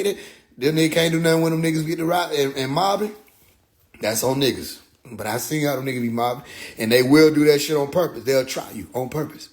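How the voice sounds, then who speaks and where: A young man casually telling a story as a podcast host, animated and profane, acting out other people's voices now and then. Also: fairly high pitch.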